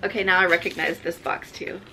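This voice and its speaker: Woman vlogger, effusive unboxing chat, bright gravelly voice, faint hiss behind. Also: lowish voice, fairly even intonation, a little fast, low-quality recording. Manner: gushing, effusive, exclaims often. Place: home, indoors.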